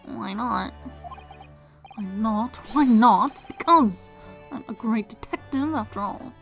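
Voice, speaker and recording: A woman's voice: a little high, normal speed, gravelly. A woman voicing an eccentric, boastful male great detective, theatrical and self-assured. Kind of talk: reading game dialogue aloud. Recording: game music behind.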